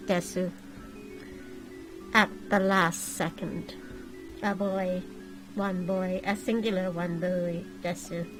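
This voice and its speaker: A woman voicing an eccentric, nearly headless anime schoolgirl in a flat, robotic delivery. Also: medium pitch, natural voice, rough recording. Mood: deadpan. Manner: flat robotic delivery ending lines with "desu".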